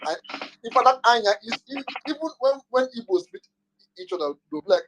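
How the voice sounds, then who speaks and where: A Nigerian man hosting a casual live chat, lively and joking, slipping into pidgin. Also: extremely high pitch, fast talker, vocal fry, slight background noise, low-quality recording. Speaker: host.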